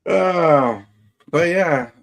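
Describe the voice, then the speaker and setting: With a fairly high, creaky voice, a livestream host chats casually and in a rambling way, calling out viewers by name as they arrive.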